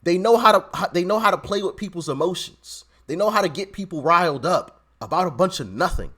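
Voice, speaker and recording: A man giving casual, animated commentary on video clips, often repeating himself and laughing. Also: high voice, a little fast, breathy edge.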